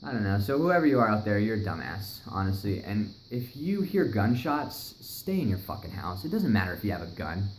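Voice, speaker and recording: A young man tells a story in a casual, profanity-laced way, acting out the other people's lines. His voice sits on the low side but swings widely in pitch. The recording is roomy and echoey, with a faint hiss underneath. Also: very animated, brisk, hardly any pauses. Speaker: vlogger telling a story. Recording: echoey room, faint noise.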